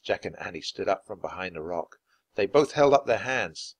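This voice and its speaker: Lively male storybook reader. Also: low voice. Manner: clear, steady, measured. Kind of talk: children's book read aloud for learners.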